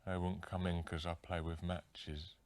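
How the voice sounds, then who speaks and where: A confused childlike guitarist, low voice. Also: male voice, little pitch movement, darkish tone. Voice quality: slow, muddled, childlike. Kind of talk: sketch comedy interview.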